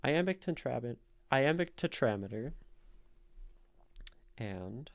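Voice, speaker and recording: Slow, deliberate male streamer reading poetry. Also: mid-range voice, lively intonation. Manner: recites poems, then explains meter and taps out stress beats.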